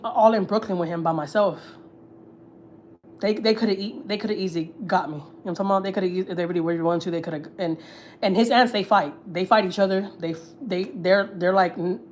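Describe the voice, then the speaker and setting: A woman's voice: fairly low pitch, brisk, a little mellow, a little hiss or hum. A woman, chatting casually and swearing freely as host of a gossip livestream, often repeating herself. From Houston, Texas.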